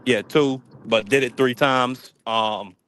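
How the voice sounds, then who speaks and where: A man speaking on a casual livestream panel with a bright, forward tone and a faint hiss behind him. He is blunt and opinionated, and he laughs as he tells things. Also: mid-range voice, steady tone, slow pace. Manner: blunt, opinionated, laughs at his own stories.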